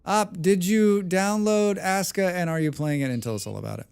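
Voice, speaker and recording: A man live-streaming a game, chatting with his viewers in a loud, excitable and passionate way. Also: high voice, moderate pace, creaky, clear, resonant tone, dry recording. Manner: loud and excitable, calls himself a passionate speaker.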